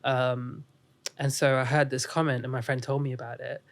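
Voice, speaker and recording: A man's voice: medium pitch, flat delivery, moderate pace. A young man from India, a musician guest speaking candidly and reflectively in a casual podcast interview.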